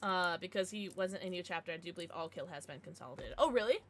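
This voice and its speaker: A woman's voice: on the low side, expressive, quick pace, fairly bright tone. A young American woman chatting casually on a livestream, giggly and bubbly as she greets viewers and reads out chat.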